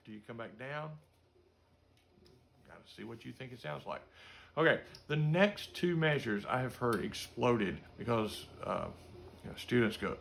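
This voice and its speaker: Gravelly man teaching trombone phrasing. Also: medium pitch, normal speed, fairly bright tone. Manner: casual, sings note syllables to demonstrate. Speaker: music teacher. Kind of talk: instrument lesson.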